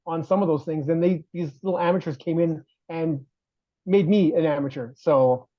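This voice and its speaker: A man's voice: a little high, normal speed, no echo, dull audio. A man guest-hosting a casual gaming podcast, rambling and correcting himself as he gives opinions on games and headsets. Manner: rambling, self-correcting, laughs often. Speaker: guest host, VR reviewer.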